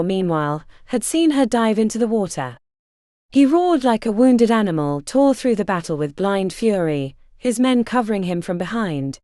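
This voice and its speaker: A woman narrating a historical romance audiobook in an expressive, dramatic reading. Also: mid-range voice, no echo, clean studio sound.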